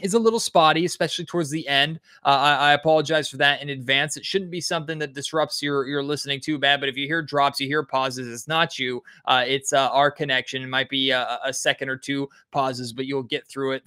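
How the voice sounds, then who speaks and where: A man's voice: mid-range voice, sharp tone, smooth. A man hosting a sports podcast, introducing his guest in a chatty way with frequent filler words. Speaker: podcast host.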